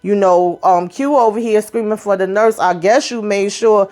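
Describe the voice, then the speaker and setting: A woman's voice: medium pitch, normal speed, darkish tone. Sassy, blunt woman recapping a show. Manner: sassy, blunt, swears freely. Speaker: TV episode recapper. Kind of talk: casual episode recap.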